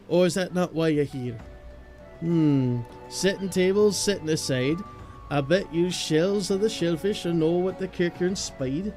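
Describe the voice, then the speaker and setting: A man putting on a sly old sea hand who rattles off alliterative tongue-twisters, his voice pitched high as he stumbles over the words. Faint music plays underneath this live-streamed game. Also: a little mellow, close to an everyday voice.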